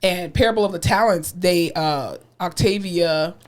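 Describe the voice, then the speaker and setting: A young adult woman co-hosting a podcast in casual chat, emphatic and quick to laugh. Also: fairly low pitch, over a noisy crowd. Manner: animated, emphatic, laughs often. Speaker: podcast co-host.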